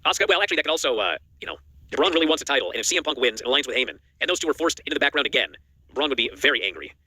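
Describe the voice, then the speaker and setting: Guy rattling off a wrestling recap super fast, bright sharp voice, dry close sound. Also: medium pitch, no echo. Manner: rapid animated recap, acts out quotes. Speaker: wrestling news co-host. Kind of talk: casual recap chat.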